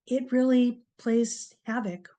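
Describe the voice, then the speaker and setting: A woman hosting a TV talk, giving a slow, encouraging motivational talk to viewers with many pauses. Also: fairly high pitch, steady tone. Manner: slow, pausing, soft-spoken and encouraging. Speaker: TV show host, speaker on word power.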